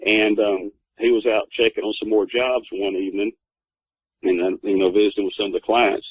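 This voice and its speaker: Husky-voiced man in his fifties. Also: on the low side, little pitch movement, normal speed, no room sound, poor audio. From Texas. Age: 50s. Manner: rambling, many fillers and restarts, acts out remembered dialogue. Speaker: guest telling his encounter story. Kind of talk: casual spoken storytelling.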